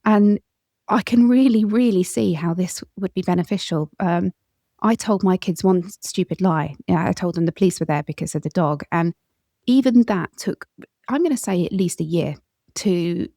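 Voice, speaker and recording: A woman's voice: on the low side, moderate pace, warm tone, no echo, studio quality. A middle-aged woman hosting a podcast interview, reflective, often searching for her words and repeating herself. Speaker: podcast host. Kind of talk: interview conversation.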